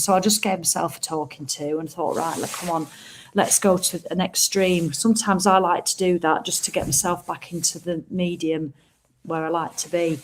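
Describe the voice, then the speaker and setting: Woman, middle-aged, casual live chat, rambling, frank, lowish voice. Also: darkish tone. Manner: chatty, rambling, blunt and frank, with mild swearing. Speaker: host of a live stream. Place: outdoors by a seaside promenade.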